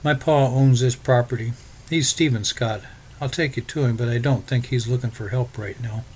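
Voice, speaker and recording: A man's voice: medium pitch, normal speed, darkish tone, slight background noise, lightly acted. A man voicing a friendly young frontier farmer's son who speaks in a plain, folksy way.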